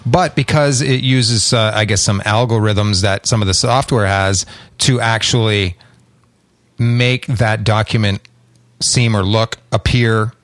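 Male co-host, low voice, dry close mic, meandering casual talk. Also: fairly even intonation, measured pace, a bit bright, no echo. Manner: rambling, searching for words. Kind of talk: casual chat.

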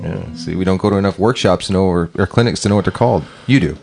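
Low-voiced man, relaxed radio co-host. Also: fast, gravelly, music in the background. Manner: relaxed, trails off, restarts often. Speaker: co-host of a morning show. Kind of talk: casual radio chat.

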